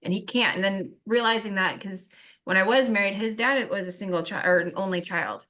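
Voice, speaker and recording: A woman's voice: mid-range voice, a little fast, a bit bright. A middle-aged woman chatting on a group video call, rambling through stories and acting out the people in them. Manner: rambling storyteller, quotes people in dialogue. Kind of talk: casual chat.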